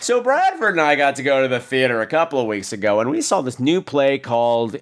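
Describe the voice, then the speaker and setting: Male podcast host, lively, swinging delivery; casual, profane storyteller who acts out the people in his stories. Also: medium pitch, a little fast.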